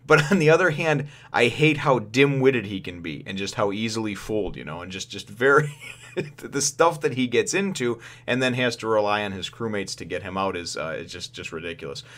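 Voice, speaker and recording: Man, casual review chat, rambling, lots of ums, lowish voice, pops into character voices. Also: expressive, fairly quick, a bit bright. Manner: rambling, lots of fillers, laughs while retelling; acts out lines of the characters in a raised voice. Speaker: anime and manga reviewer.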